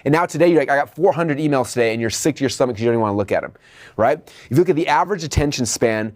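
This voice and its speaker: A man's voice: mid-range voice, racing, no room sound. A man teaching marketing at a whiteboard, telling stories and acting out shop customers in raised voices. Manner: animated storytelling, acts out customers in raised voices. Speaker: marketing trainer.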